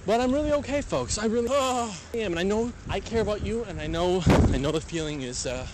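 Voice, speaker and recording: A man's voice: high voice, lively intonation, brisk. A young man co-hosting, rambling goofily as he narrates his bike ride live into a handheld mic outdoors. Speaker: co-host. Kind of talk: casual chat while biking. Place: outdoors on city streets and bike paths. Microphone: handheld mic carried on a bike. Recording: loud outdoor wind noise. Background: loud wind and traffic noise.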